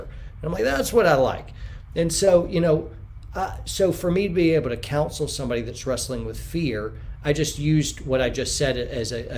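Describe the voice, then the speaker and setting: American guy in an interview, tells stories, yells the quotes he acts out. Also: medium pitch. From United States. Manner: animated storyteller, acts out quotes loudly. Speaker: podcast guest. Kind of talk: conversational interview answer.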